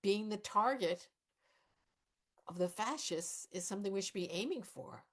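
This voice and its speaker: A woman's voice: medium pitch, normal speed, close to an everyday voice. A woman performing live improv, playing a cautious older activist who muses hesitantly and pokes wry holes in the plans. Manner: dry, hesitant, mildly skeptical.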